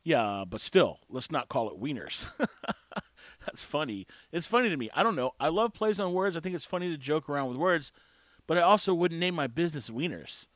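A man's voice: on the high side, very animated, brisk, fairly bright tone, dry recording. Rambling opinionated man, dry close sound. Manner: rambling, opinionated, laughs at own jokes. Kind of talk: casual solo talk.

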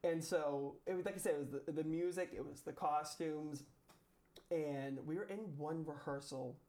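A young man, a guest on a chat show, telling a story in a chatty way with lots of "like" and quick restarts. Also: on the high side, steady tone, darkish tone. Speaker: former cast member, guest.

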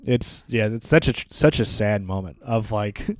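A man's voice: fairly low pitch, normal speed, no echo. A man co-hosting a casual book discussion podcast, laughing often and reading passages aloud with light character voices. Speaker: podcast co-host.

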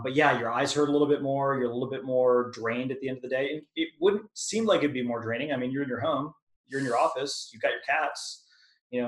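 A man's voice: mid-range voice, reverberant, rough recording. A man teaching product management, answering questions casually on a video call with filler words and restarts. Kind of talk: webinar Q&A answer.

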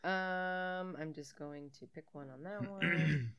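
A woman's voice: sits low, slow, a crowd in the background. A woman co-hosting a casual podcast, reading a quiz aloud in a playful way, swearing freely and laughing often. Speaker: podcast co-host.

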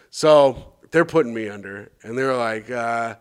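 A man's voice: medium pitch, moderate pace, few pauses, smooth. A man co-hosting a comedy podcast, telling a long rambling anecdote and acting out the voices in it. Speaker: podcast co-host. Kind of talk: crude comedic storytelling.

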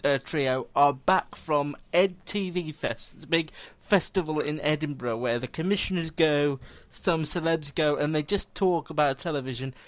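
A man's voice: a little high, normal speed, few pauses, no room sound. A man hosting a casual podcast, chatty and jokey, laughing often. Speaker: podcast host and website editor.

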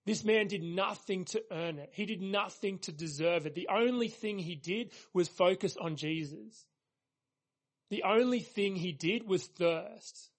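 High-voiced man preaching earnestly. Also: a little slow. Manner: earnest, emphatic preaching with repeated phrases. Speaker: pastor. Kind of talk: sermon.

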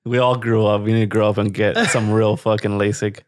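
A young man co-hosting a podcast in casual chat, joking and teasing and quick to laugh. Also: on the low side, flat delivery, dry recording, clean studio sound. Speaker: podcast co-host. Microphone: podcast studio mic.

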